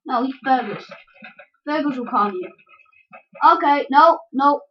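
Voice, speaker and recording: A woman commentating a game in a casual let's-play, excitable, with yelps and giggly outbursts. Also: high voice, measured pace, highs cut off. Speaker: gameplay commentator.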